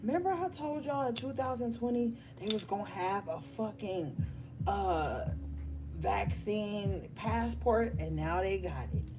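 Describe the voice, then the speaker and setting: A woman's voice: medium pitch, unhurried. A woman tarot reader chatting casually and bluntly on a livestream, swearing and laughing often. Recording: music playing behind.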